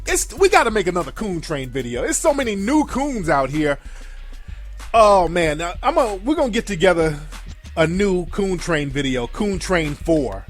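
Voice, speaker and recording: A man with a slightly high voice hosts a live call-in show. He rants in casual, blunt, profane commentary, with faint music playing behind him. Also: sing-song, normal speed. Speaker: show host taking calls and chat.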